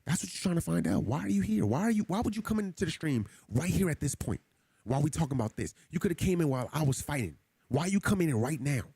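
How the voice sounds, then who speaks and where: A man's voice: fairly high pitch, big pitch swings, fast talker, dark tone, slightly rough, no room sound. A man streaming a game who talks casually to his chat in an earnest, preachy way, often repeating himself. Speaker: gaming streamer. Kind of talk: casual livestream talk to chat.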